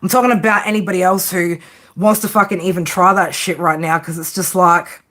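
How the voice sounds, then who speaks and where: A woman's voice: fairly low pitch, steady tone, brisk, fairly bright tone. An Australian woman giving a live tarot reading in casual chat, blunt and sarcastic, swearing heavily and ending lines with "right?". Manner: keeps tagging lines with "right?". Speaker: tarot reader.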